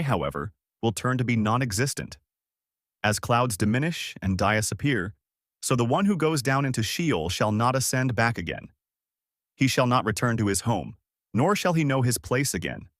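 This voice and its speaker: A man reading the part of a suffering man who laments his anguish, in a solemn, measured way. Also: fairly low pitch, fairly bright tone, no echo, clean studio sound.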